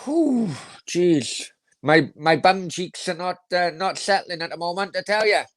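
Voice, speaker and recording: A man's voice: high voice, expressive, a little slow, a bit bright, dry recording. A man hosting a casual football live stream, rambling crudely, swearing freely and reading viewer comments aloud. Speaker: football channel host.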